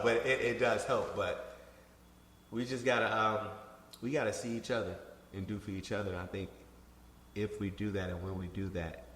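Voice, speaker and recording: A man with a bright, forceful voice tells stories in a loose, profane interview style, often stumbling and restarting his sentences. The room is echoey, with a long reverb tail. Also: lowish voice, slight background noise. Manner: animated, profane storytelling with many restarts. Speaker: congressional candidate. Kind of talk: casual podcast interview.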